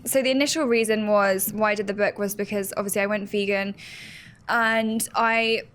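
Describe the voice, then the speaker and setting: A woman's voice: medium pitch, steady tone, normal speed, fairly bright tone. A young woman, a podcast guest, talking candidly and bluntly, swearing casually. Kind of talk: casual interview chat.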